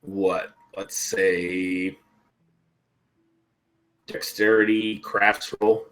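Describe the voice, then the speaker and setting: A man running a tabletop role-playing game as game master, talking slowly with many ums and pauses. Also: low-pitched, little pitch movement, a bit bright. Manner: slow, hesitant, many ums and uhs. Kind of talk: narrating a tabletop game over voice chat.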